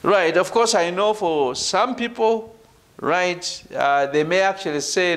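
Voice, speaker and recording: A man from Uganda giving a university lecture, emphatic, with "right" and "ladies and gentlemen" tagged onto his phrases. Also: measured pace, slight background noise. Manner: emphatic, falls low at phrase ends. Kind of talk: academic lecture.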